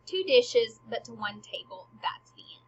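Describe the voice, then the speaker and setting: A woman reading the part of a clever, mocking young prince in a husky voice. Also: fairly high pitch, expressive, a little slow, slight background noise. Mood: sly. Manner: reads verse aloud plainly. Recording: dull lo-fi recording.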